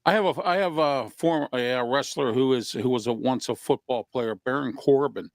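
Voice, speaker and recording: A man joins a talk show as a guest and talks casually about wrestling, pausing often and leaning on fillers. His voice is gravelly and mid-pitched. The recording is dry. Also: no echo. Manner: halting, many fillers.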